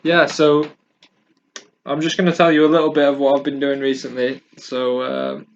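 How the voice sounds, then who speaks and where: A man's voice: mid-range voice, flat delivery, normal speed, creaky, recorded from a distance. A man hosting a podcast, telling stories casually with lots of fillers and restarts. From North of England. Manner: rambling, hesitant storytelling with many fillers. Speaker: podcast host. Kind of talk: casual chat. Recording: muffled sound from away from the mic.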